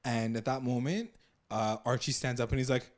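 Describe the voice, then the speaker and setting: A man co-hosting a casual podcast, retelling scenes in animated quoted voices and laughing often. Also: medium pitch, moderate pace. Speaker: podcast co-host. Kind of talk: casual chat.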